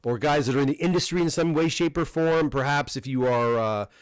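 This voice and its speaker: A middle-aged Canadian man hosting a casual livestream unboxing, talking in a relaxed, rambling way with frequent restarts and fillers. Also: on the high side, fairly quick, smooth, no room sound. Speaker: comic book dealer and host. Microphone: desk microphone close up.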